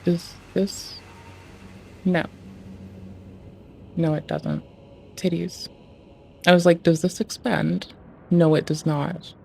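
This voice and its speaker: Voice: medium pitch, level tone, takes it slowly, gravelly, long pauses, warm tone, a little hiss or hum. A streamer talking casually and swearing freely, muttering to themself and asking the screen questions while fiddling with game graphics settings. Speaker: livestreamer.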